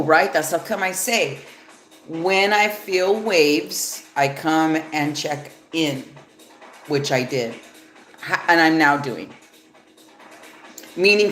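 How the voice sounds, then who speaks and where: A woman with a low voice reads tarot cards on a live stream, speaking slowly and rambling, with the odd swear word. Her voice sounds echoey in the room, and faint music plays behind her. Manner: casual, rambling, swears freely. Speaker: tarot reader. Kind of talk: live-stream card reading.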